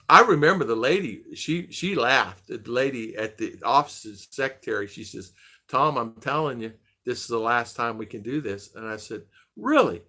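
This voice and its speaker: A man's voice: mid-range voice, sharp tone. An older man, host of a casual chat stream, rambling through a story and acting out the quoted dialogue with animation.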